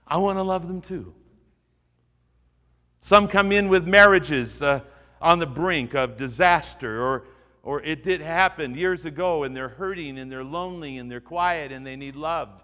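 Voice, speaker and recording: A man's voice: fairly high pitch, fairly bright tone, in a large hall. A male pastor preaching a sermon, earnest and urging, repeating phrases for emphasis.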